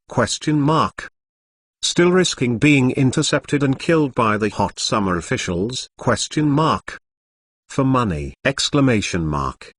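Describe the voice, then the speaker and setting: A man's voice: mid-range voice, a bit bright, breathy edge. A computer-voiced man narrating a web novel, reading out punctuation marks in stilted phrasing. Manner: reads punctuation marks aloud.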